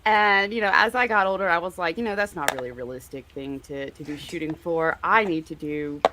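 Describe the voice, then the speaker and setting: A woman guest talks casually on a stream, relaxed and laughing often. Her voice sits a little low, and faint noise lies under it. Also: fairly quick. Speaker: guest comic creator. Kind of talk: casual interview chat.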